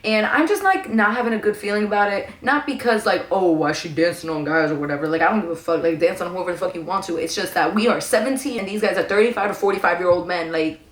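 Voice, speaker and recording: A young woman tells her storytime vlog in a loose, animated way, full of slang and swearing. She is recorded in her room, and the room makes her voice echo. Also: lowish voice, fast talker, few pauses. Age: young adult. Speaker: vlogger. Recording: echoey room.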